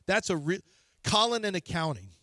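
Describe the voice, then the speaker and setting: A man with a slightly high voice rambles through a self-mocking story as a sports radio host. He talks into a studio microphone with a close, dry sound. The talk is loose and casual. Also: sing-song, normal speed, sharp tone, no echo.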